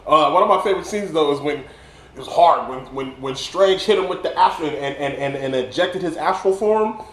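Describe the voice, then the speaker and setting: Tipsy male film reviewer, slightly high voice, excitable and rambling, echoey room. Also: moderate pace. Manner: excited and rambling, with frequent restarts and laughs. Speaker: movie reviewer. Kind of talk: casual drunk film review monologue.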